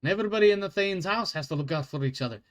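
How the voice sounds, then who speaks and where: A man voicing a gruff male dwarf guard who swears and talks in a rough dialect. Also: high-pitched, animated, very fast, pitched above the performer's own voice. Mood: scornful.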